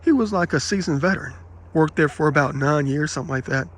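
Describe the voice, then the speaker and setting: A man's voice: a little high, fast talker. Man telling aggrieved rambling anecdotes. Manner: aggrieved, animated retelling with quoted dialogue. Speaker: vlogger.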